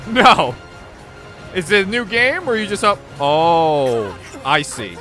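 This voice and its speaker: A man streaming live, reacting to a game showcase with excited, sarcastic commentary. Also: on the high side, takes it slowly. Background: game trailer music.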